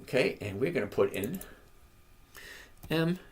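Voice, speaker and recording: Blunt trading host, sarcastic and mocking, swinging pitch, screen-share market commentary. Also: sing-song, a little slow, a little mellow. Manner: sarcastic and mocking, laughs at the numbers; blunt and opinionated.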